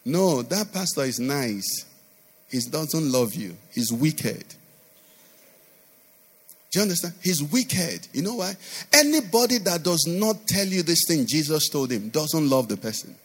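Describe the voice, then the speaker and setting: A male pastor delivers a sermon in a husky voice on the high side, a little slow, with big swings in pitch. He leans on sing-song emphasis and constant call-and-response questions, and the church hall around him is reverberant.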